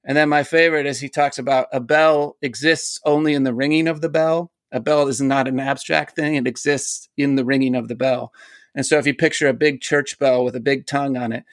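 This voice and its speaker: A man's voice: mid-range voice, steady tone, fairly quick, no room sound. A man, a poet and teacher, talks as a guest in an interview and explains ideas eagerly, laughing often. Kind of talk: casual interview talk.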